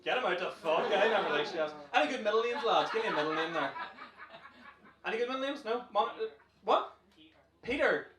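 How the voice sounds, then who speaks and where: Brash Northern Irish comedy MC, high voice. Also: male voice, animated, a little fast, background noise. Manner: brash, teasing, swearing, laughing often. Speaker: comedy club MC. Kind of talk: stand-up crowd work. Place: comedy club stage, indoors. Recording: roomy live club sound from far off with loud audience. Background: audience laughing and cheering.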